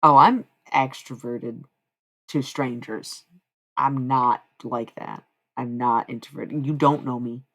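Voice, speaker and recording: A woman's voice: a bass voice, fairly even intonation, slow. A woman livestreaming in casual chat, talking candidly with frequent profanity and self-mocking humor.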